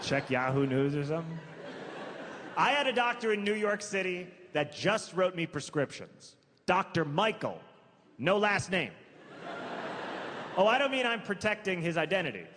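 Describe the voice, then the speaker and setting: A man performing stand-up comedy, telling a story in a conversational way, stacking asides and self-corrections and delivering absurd details deadpan. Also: high voice, normal speed, background noise. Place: comedy club stage before a live audience. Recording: reverberant venue with crowd ambience.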